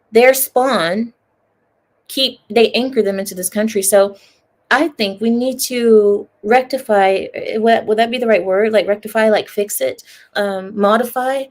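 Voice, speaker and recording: A woman's voice: on the high side, a little slow, darkish tone. A woman, ranting in a casual livestream and chatting to her viewers over a laptop mic. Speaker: livestream host.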